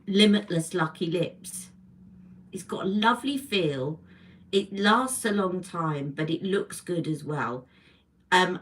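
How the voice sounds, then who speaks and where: A British woman talks unhurriedly as she does her makeup live from home, rambling between products and greeting viewers. Her voice sits a little low but has a bright, forward edge. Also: rough recording. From Britain. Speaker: beauty livestream host. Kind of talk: casual live makeup chat. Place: home room. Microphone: livestream camera mic.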